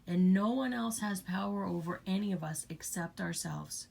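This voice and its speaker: A woman's voice: medium pitch, normal speed, vocal fry, a little mellow, a little hiss or hum. A woman giving an earnest, blunt spiritual talk to her viewers, repeating her points and swearing freely. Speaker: spiritual channel host.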